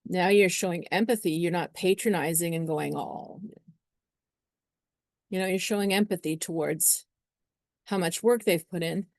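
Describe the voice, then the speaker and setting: A woman's voice: fairly low pitch, normal speed, a little mellow, dry recording, studio quality. A woman astrologer talking casually to her viewers, chatty and meandering, slipping into acted-out little scenes. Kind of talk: casual astrology talk to camera.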